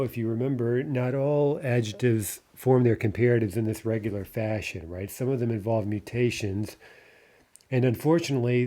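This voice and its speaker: Low, dark-voiced man teaching a lesson. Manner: explanatory, repeats "right?" often, hesitant fillers. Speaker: Russian language teacher. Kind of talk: recorded grammar lesson.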